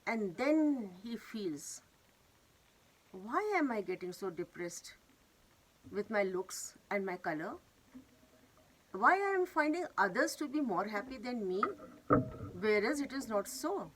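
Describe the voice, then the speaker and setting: A woman telling a moral fable in an earnest, gently instructive way. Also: mid-range voice, sing-song, slow pace, long pauses, rough recording. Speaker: storyteller of wisdom talks. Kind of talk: moral storytelling.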